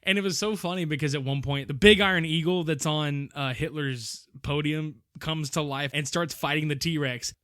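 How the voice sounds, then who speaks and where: Bright-voiced man recapping a movie. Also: fairly high pitch, normal speed, hardly any pauses, no room sound, studio quality. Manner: animated, laughs often, swears casually. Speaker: podcast co-host. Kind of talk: casual movie recap chat.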